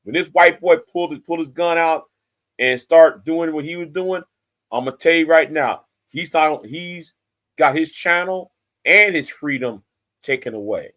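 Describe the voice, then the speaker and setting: A man's voice: fairly high pitch, a little slow, a bit bright. A man in his forties giving a confrontational, threatening rant straight to the camera, profane and repeating himself for emphasis. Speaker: YouTube commentator. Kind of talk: angry direct-to-camera rant.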